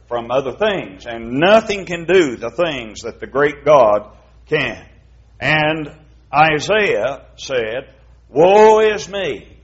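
A man leading an evening Bible study as preacher, reading scripture with rising emphasis. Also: medium pitch. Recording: dull lo-fi sound.

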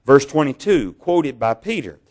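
A man preaching a sermon, reading Bible passages in a measured way, slowing down on key words and correcting his own slips. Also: medium pitch, sing-song, darkish tone. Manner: measured, slow over key words, stumbles on names and corrects himself.

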